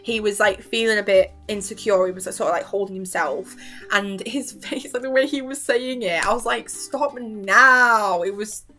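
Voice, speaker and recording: A young woman rambling excitedly about a TV series, giggling often and acting out the characters' lines, her voice a little worn. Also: medium pitch, a little fast, soft background music. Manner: gushing, giggly, lots of fillers and quoted reactions. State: voice worn, partly lost. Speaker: vlogger reviewing a TV series.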